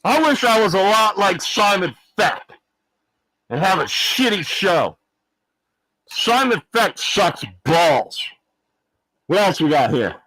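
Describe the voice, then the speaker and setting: A brash, dim-witted clown in his fifties with a put-on Arkansas drawl, as a man plays him for a livestream comedy bit. The voice sits high and swoops wildly, and the talk is slow and dragging. His rambling rant is full of shouted insults, and the sound is dry and close. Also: sing-song, no echo, heavily acted, low-quality recording. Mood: mocking. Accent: put-on Arkansas accent. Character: loud dim-witted male clown from the American South, fifty-six.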